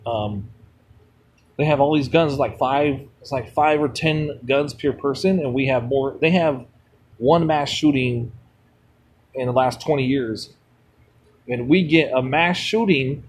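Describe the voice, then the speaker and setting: A man's voice: mid-range voice, measured pace, pauses often, breathy edge. A man streaming a mobile game, rambling bluntly between chat replies and swearing freely. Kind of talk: rambling casual chat while gaming.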